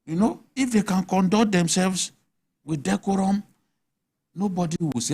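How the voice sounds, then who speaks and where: A man with a high, darkish voice and a breathy edge talks at normal speed. Speaking Nigerian English as a studio panel guest on TV, he argues with emphasis and asks rhetorical questions in an animated exchange.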